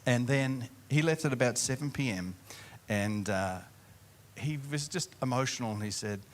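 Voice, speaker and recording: Lively pastor telling a story. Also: male voice, mid-range voice, moderate pace, a little hiss or hum. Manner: animated, humorous storyteller. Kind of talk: sermon storytelling.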